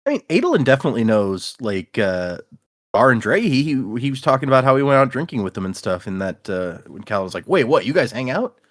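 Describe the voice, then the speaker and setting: Male podcast co-host, lively pitch, playful character voices, casual recap chat. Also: quick pace. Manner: animated, acts out characters' lines. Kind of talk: casual book-discussion chat.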